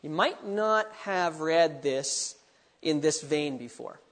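Guy preaching a sermon, fairly high voice, gets all fired up acting out quotes, big hall. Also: slow pace. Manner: animated, acts out quotes with bursts of excitement.

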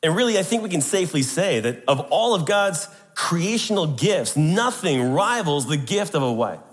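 A man's voice: on the high side, sing-song, moderate pace, in a large hall. A man preaching a sermon to a congregation, emphatic and posing rhetorical questions.

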